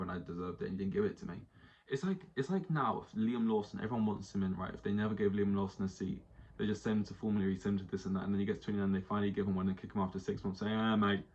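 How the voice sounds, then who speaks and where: A man hosting a podcast in casual, animated talk, slipping into mock voices now and then. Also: on the low side, dull audio. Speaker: podcast host.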